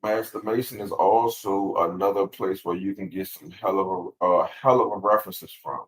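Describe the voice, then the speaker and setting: This channel host has a deep, steady voice and a moderate pace, heard through a low-quality recording. He casually reads out legal text and responds to his live chat, often repeating himself.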